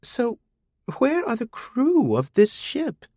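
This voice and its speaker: A man's voice: very high voice, wildly swooping pitch, slow pace, a little mellow, husky, no echo, studio quality, pitched above the performer's own voice, full character voice. A man voicing a stubborn teenage girl. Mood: insistent.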